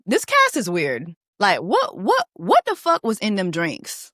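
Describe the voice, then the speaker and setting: A woman casually recapping a reality show, animated, profane and laughing as she goes. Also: medium pitch, measured pace, no echo, clean studio sound. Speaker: reaction vlogger.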